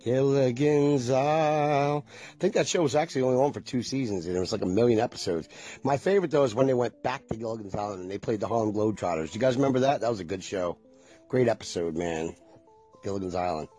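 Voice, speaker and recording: Husky rambling middle-aged man. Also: on the low side, lively intonation, quick pace, mellow, soft background music. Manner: loose, nostalgic, swears freely. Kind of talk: casual rambling chat.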